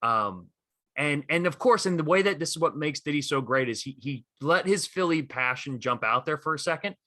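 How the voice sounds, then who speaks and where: A man co-hosts a casual sports podcast, talking with eager energy and plenty of "um"s and "you know"s. His voice is bright and forceful. The mic is close and dry, with no room sound. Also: a little high, normal speed, no room sound. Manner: enthusiastic, animated retelling of stories. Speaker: podcast co-host.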